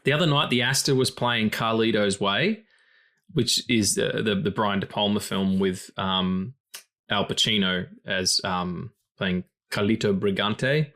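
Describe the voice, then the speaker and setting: A man's voice: lowish voice, unhurried, fairly bright tone. A man co-hosting a film podcast, talking loosely and swearing freely. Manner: loose, chatty, swears freely, many fillers. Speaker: podcast co-host. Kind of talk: casual film podcast chat.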